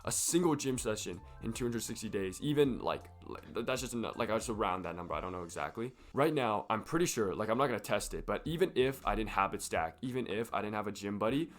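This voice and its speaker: Croaky sick young guy rambling fast about the gym, kinda low voice, music faint behind. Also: animated. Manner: rambling, profane, chatty. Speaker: fitness vlogger. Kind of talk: casual to-camera vlog.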